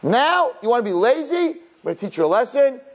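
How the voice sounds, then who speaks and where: A man's voice: extremely high pitch, sing-song, a little fast, voice pushed up, full character voice. A man acting out a scornful ancient king who taunts his slaves, with emphatic delivery. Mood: taunting. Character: scornful ancient king, mocking male tyrant.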